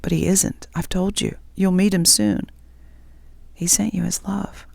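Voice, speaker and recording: A woman voicing a gentle, joyful male spirit in whispered role-play, patient and reassuring. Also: lowish voice, steady tone, a little slow, gravelly, slightly rough, no room sound, exaggerated voice. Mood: serene.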